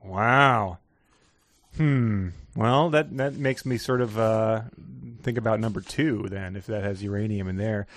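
A man's voice: lowish voice, unhurried, dry recording, studio quality. A man chatting as a guest, thinking aloud with many hesitations and big reactions. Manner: hesitant, lots of fillers, expressive reactions. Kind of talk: casual chat.

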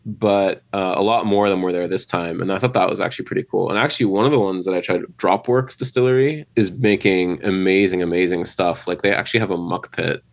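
A man's voice: low-pitched, fairly even intonation, fast talker, few pauses. Chatty man telling bar stories. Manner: chatty, lots of fillers, retells stories with quoted voices. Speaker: bar owner guest. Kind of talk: casual podcast chat.

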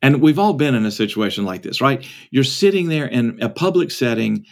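A man who is a pastor and author appears as a podcast guest, earnestly telling a story and acting out its voices. His medium-pitched voice is creaky and brisk, with lively intonation.

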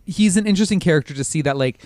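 A man co-hosting a casual podcast, rambling in a relaxed way with jokey asides. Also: a little high, racing. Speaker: podcast co-host. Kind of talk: casual chat.

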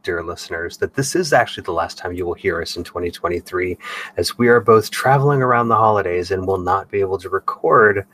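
A young man co-hosting a podcast in casual chat, upbeat and quick to laugh. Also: low-pitched, a bit bright, far from the mic. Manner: upbeat, laughs often, chatty. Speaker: podcast co-host.

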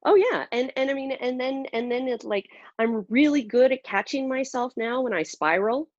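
A woman's voice: sits high, expressive, moderate pace, no echo. Rambling, self-deprecating woman, muffled and dry. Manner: rambling, self-deprecating, many fillers and restarts. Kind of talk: casual conversational storytelling.

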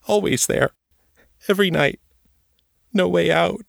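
A man's voice: high voice, unhurried, creaky, no echo, clean studio sound, voice pushed up, heavily acted. A man voicing the frightened ghost of a young girl who speaks in clipped, broken phrases. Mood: fearful.

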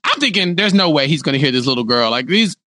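A man's voice: fairly high pitch, very animated, fast, bright, forceful tone, no room sound. A man co-hosting a casual chat, animatedly retelling a show and acting out quotes in playful voices. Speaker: podcast co-host.

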